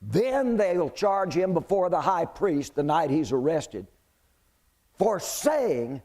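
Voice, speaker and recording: A male preacher telling a Bible story from the pulpit at an unhurried pace. His voice sits a touch high and swoops widely as he dramatizes, stopping to quiz the congregation. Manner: animated storyteller who questions the congregation.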